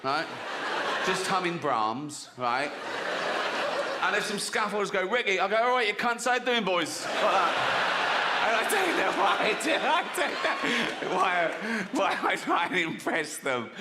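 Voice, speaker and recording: A middle-aged man from England performing a stand-up comedy set, animated and often laughing at his own jokes as he acts out little voices. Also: sits high, measured pace, very noisy. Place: theatre stage before an audience.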